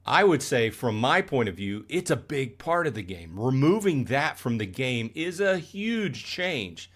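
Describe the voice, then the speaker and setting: A man's voice: mid-range voice, very animated, unhurried. Rambling man hosting a livestream. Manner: rambling, restarts often, asks "okay?" and "right?"; gets fired up. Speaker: livestream host. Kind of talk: casual livestream commentary.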